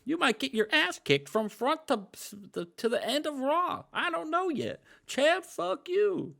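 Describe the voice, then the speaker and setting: A furious older wrestling manager rants at his roster in a profane, blustering tirade, as a man puts him on. The voice shoots up high and swings wildly in pitch, with a gravelly rasp at the edges. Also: big pitch swings, a little slow, a bit bright, full character voice. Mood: furious ranting.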